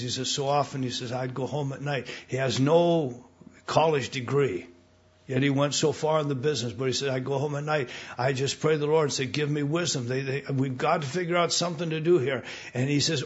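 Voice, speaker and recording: An American man preaching a sermon, emphatic, repeating himself and putting questions to his listeners. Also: mid-range voice. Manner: emphatic, repeats words, asks the congregation questions. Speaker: pastor. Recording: dull lo-fi recording.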